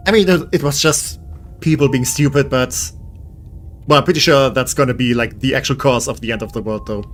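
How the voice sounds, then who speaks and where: Male streamer, tired, rambling, joking with chat, mid pitch, faint game music behind. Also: a little fast. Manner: rambling, joking, self-deprecating, talks to chat. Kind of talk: casual live-stream chat.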